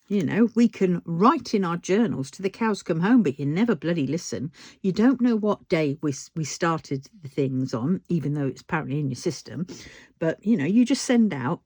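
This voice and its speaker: A vlogger with a British accent, talking casually while diamond painting and ranting heatedly with frequent swearing. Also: moderate pace. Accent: British English. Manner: lively rising and falling pitch when worked up. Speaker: crafting vlogger.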